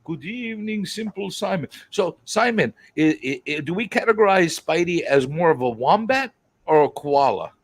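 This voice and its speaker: A man hosting a casual livestream chat, greeting viewers in a quick, excitable, profane way. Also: on the high side, no echo. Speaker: host.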